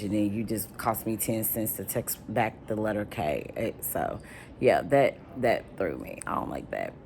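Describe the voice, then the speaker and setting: Very low-voiced chatty woman vlogger. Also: gravelly, slight background noise. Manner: chatty, wanders off topic, frequent ums. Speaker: vlogger answering questions. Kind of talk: casual chat.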